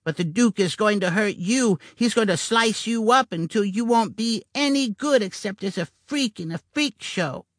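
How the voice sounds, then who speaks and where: A man voicing an eerie, taunting girl spirit trapped inside a china doll, speaking slowly and gloatingly in an audiobook. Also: high-pitched, expressive, a bit bright, dry recording, clean studio sound, voice pushed up. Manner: slow, gloating and cruel. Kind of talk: audiobook character voice.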